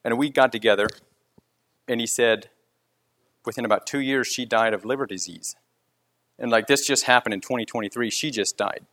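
A man's voice: mid-range voice, normal speed, pauses often, fairly bright tone. A man who leads a concrete crew tells a story in casual, earnest speech full of restarts. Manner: rambling, with frequent restarts.

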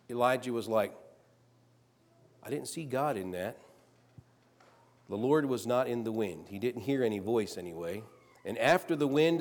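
A man preaching a sermon, reading scripture aloud and rising louder on the quoted lines. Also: mid-range voice.

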